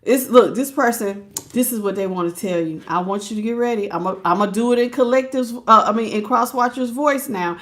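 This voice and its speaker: A woman with a slightly high voice chats through a live tarot reading. She laughs often and talks straight to her viewers in a loose, casual way. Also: moderate pace, a bit bright. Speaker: tarot reader.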